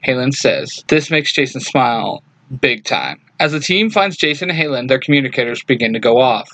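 Animated young man reading a story. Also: normal speed, no room sound. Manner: lively, voices each character with raised pitch. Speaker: fan fiction reader. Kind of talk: reading a fan story aloud.

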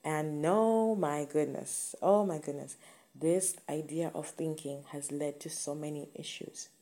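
A woman's voice: low-pitched, measured pace, dark tone. A woman giving an earnest, emphatic motivational talk to camera, repeating her key points.

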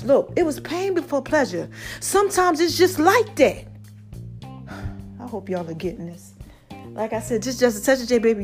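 High-voiced woman podcaster. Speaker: podcast host. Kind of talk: casual motivational monologue.

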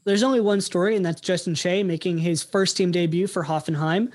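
Halting man hosting a soccer podcast. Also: high voice, steady tone. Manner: halting, many ums and uhs while running segments. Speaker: podcast host. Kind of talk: casual soccer podcast chat.

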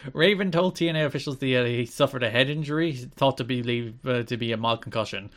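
A man co-hosting a casual podcast, recapping wrestling events with deadpan asides. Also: mid-range voice, fairly quick. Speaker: podcast co-host.

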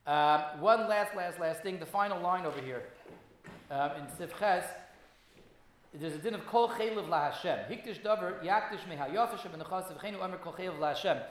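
A man gives a Torah class, telling stories loosely and conversationally with many restarts and repeated words. His high-pitched voice moves at normal speed in a reverberant recording with slight background noise.

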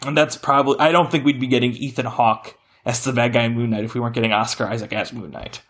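A podcast host in a casual chat, this man rambles and corrects himself, his delivery shifting animatedly. He has a mid-range voice and talks fast.

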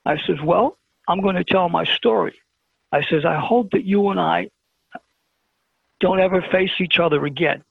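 A man tells his story over the phone to a radio host, acting out each exchange as he goes. His voice sits high for a man and carries a strong gravelly rasp. The tinny, dry phone line cuts it down. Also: normal speed, long pauses, dry recording. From Brooklyn, New York. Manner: animated storyteller who acts out the dialogue. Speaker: guest telling a personal story. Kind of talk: storytelling on a call-in radio show.

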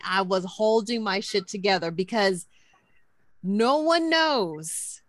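A woman's voice: medium pitch, lively intonation, slow, dry recording. A woman co-hosting a podcast, telling a personal story earnestly and emotionally. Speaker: podcast co-host.

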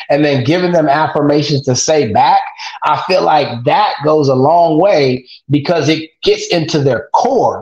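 A man speaking as a guest on a casual podcast. He talks about being a father, in an energetic, repetitive, motivational way. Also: a little high. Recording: echoey, dull lo-fi sound.

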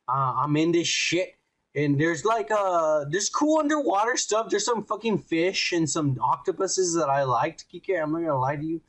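Give me a slightly high-voiced man chatting on a podcast. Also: normal speed, hardly any pauses, a little hiss or hum. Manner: animated, profane, retells scenes in put-on voices. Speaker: podcast co-host. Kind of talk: casual profane chat.

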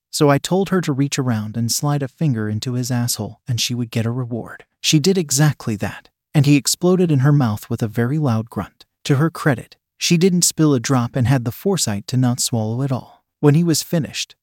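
A man reading a story aloud in a steady, measured narration. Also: mid-range voice, dry recording, clean studio sound.

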